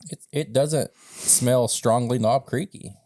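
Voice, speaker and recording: A man's voice: medium pitch, slow pace, darkish tone, no room sound, clean studio sound. A man co-hosting a podcast, chatting in an easygoing way and describing flavors animatedly. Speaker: podcast co-host. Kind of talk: casual chat while tasting whiskey.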